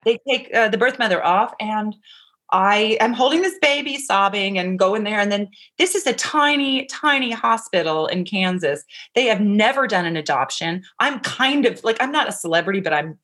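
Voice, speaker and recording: A woman guest telling a personal story in casual conversation, swinging between loud excitement and hushed, quiet tones. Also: mid-range voice, normal speed.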